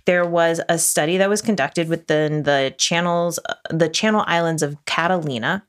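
A woman's voice: lowish voice, normal speed, clear, resonant tone. A woman co-hosting a podcast in casual chat, wry and dryly teasing. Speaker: podcast co-host.

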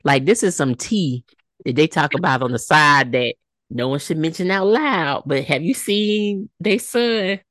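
A woman's voice: low-pitched, lively intonation, moderate pace, fairly bright tone, no room sound, studio quality. A woman co-hosting a podcast, reacting expressively and chiming in with agreement during a casual TV recap. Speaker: podcast co-host.

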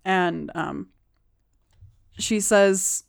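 A woman narrating a tabletop game as game master, describing scenes with soft asides. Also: medium pitch, lively intonation, normal speed.

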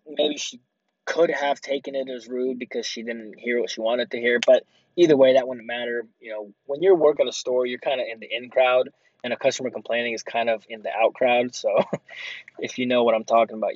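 A man's voice: medium pitch, steady tone, normal speed, dry recording. Rambling sarcastic man ranting, lo-fi. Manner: rambling, sarcastic, many fillers. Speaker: grocery store worker. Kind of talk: casual rant. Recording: dull lo-fi dry audio.

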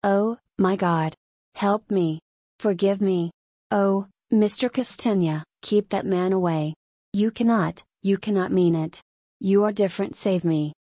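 A woman's voice: medium pitch, measured pace, mellow, dry recording, studio quality, natural voice. A woman voicing a terrified, broken man who begs and cries in an audiobook. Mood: desperate. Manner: pleading, breathless crying.

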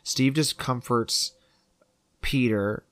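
A man talking through a movie plot in a loose, conversational way. His voice sits at an ordinary pitch and sounds close and dry, with little room around it. He swears casually and slips into quick snatches of the characters' lines. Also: a bit bright, dry recording. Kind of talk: casual film recap chat.

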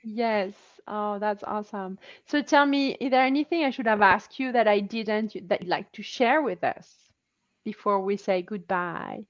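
A woman's voice: mid-range voice, moderate pace, no room sound. Enthusiastic woman host on dull call audio. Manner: enthusiastic, laughs often. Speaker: interview host. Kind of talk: conversational interview. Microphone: remote call.

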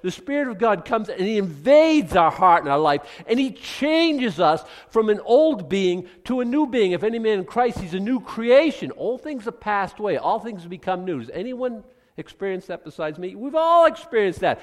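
A man preaching a sermon as pastor, animated, swinging from hushed asides to loud exclamations. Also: sits high, moderate pace, in a large hall.

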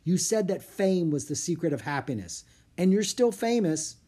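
A reader voicing a bold, eager young girl in a storybook, with a bright, chirpy and pleading delivery. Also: medium pitch, very animated, normal speed, husky, pitched above the performer's own voice. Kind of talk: audiobook character voice.

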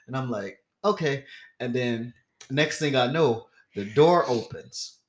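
A man's voice: medium pitch, a little slow. A young man on a podcast, telling a story casually and acting out the other people's voices with lots of laughing. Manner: animated, acts out quoted voices, laughs often. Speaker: podcast co-host.

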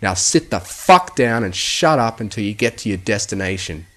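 A man voicing a big, gruff, crude male pony thug who talks in rough slang. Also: fairly low pitch, animated, moderate pace, fairly bright tone. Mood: contemptuous.

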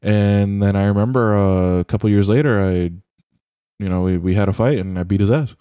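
A man's voice: fairly low pitch, fairly quick, dark tone, smooth, dry recording, clean studio sound. A young man chatting casually on a voice call, telling a profane, rambling story full of "like" and restarts. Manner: rambling, profane, heavy use of "like". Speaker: podcast co-host. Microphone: computer mic on a voice call.

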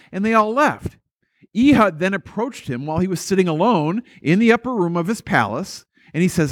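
A man preaching a sermon, telling the story in an animated way with playful asides and repeating words as he restarts. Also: high voice, fairly quick, dry recording, studio quality. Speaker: pastor.

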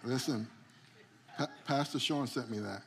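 Against a noisy background in a church sanctuary, a pastor preaches in a creaky, medium-pitched voice, moving a little slowly. He calls out to the congregation and tends to repeat words as each phrase begins.

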